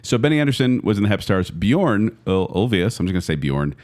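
A man's voice: lowish voice, big pitch swings, brisk, darkish tone. A man hosting a casual podcast, telling a music history with lots of fillers and restarts. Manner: chatty, many fillers, trails off and restarts.

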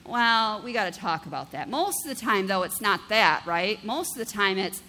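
A woman's voice: medium pitch, animated, moderate pace, pushed and bright, in a large hall, slight background noise. A woman pastor preaching a conversational sermon, often checking in with "right?" and using vivid everyday examples. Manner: conversational, keeps asking "right?".

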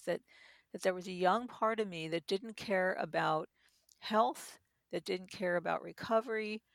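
A middle-aged woman talks in a calm, reflective way, illustrating her points with stories from her own life. Her voice has a strong vocal fry. The recording is dry, with little room sound. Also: lowish voice, dry recording. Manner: gentle, explains with personal examples. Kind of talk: reflective interview talk.

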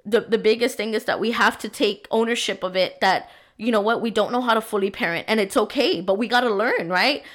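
A woman's voice: medium pitch, fairly quick, fairly bright tone. A young woman hosting a faith-based motherhood podcast, talking earnestly with lots of "right?" and "like", her voice worn from being sick. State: sick, voice affected. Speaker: podcast host.

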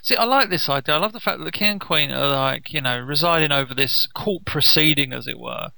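Male co-host, bright gravelly voice, sarcastic and animated, dry close mic. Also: on the high side, a little fast, no echo, poor audio. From United Kingdom. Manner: animated, sarcastic, laughs often, acts out quoted lines. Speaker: podcast co-host. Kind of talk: casual cartoon commentary.

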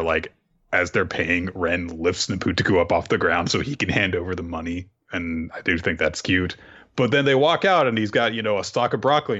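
Low-voiced man recapping manga chapters. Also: dull audio. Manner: animated retelling, acts out characters' lines. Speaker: podcast co-host.

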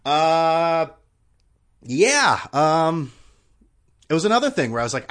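A man's voice: fairly high pitch, sing-song, a little slow, fairly bright tone. Rambling, sarcastic male podcast host. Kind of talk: casual solo podcast rant.

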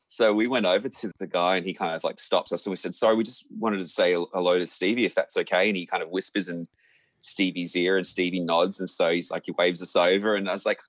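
A young Australian man, a musician, telling a lively anecdote in a casual interview, full of fillers and restarts. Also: low voice, fast talker, dry recording. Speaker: musician guest.

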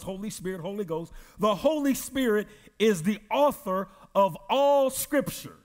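Emphatic high-voiced preaching man. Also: big-room sound. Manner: emphatic, drawn-out preaching with call-and-response. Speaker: pastor. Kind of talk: Bible study sermon.

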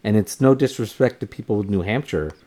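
A man co-hosting a casual podcast, talking in a calm, reflective way and thinking aloud. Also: on the low side, brisk. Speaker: podcast co-host.

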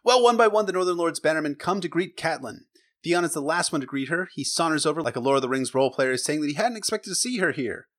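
A man's voice: fairly high pitch, fast talker. A man hosting a podcast, recapping a book chapter in a casual, joking, sarcastic way, swearing and acting out the characters' lines. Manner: lively, sarcastic, swears freely, acts out quotes. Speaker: podcast host.

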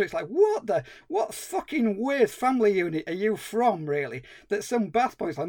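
Man, high voice, exasperated, sweary, casual review chat, dry recording. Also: lively intonation, normal speed, a little mellow, no echo. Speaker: podcast co-host.

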